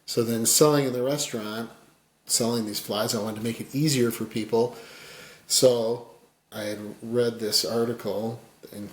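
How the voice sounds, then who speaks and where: Low-voiced man teaching fly tying. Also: roomy sound. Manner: rambling, folksy, trails off quietly at times. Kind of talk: casual tutorial talk.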